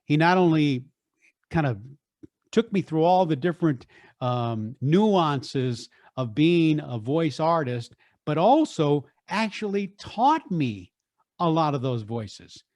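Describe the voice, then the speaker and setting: Energetic older radio man. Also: fairly high pitch, no echo. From Texas, USA. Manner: energetic, animated, quick restarts. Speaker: radio deejay and voice artist, guest. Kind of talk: storytelling interview.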